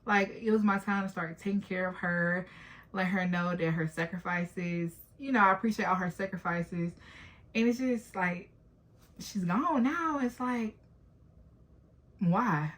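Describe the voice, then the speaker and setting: Candid young woman vlogger, low-pitched. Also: fairly even intonation, unhurried, fairly bright tone. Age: late 20s. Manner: candid, emotional, talks straight to viewers. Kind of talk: personal vlog talk.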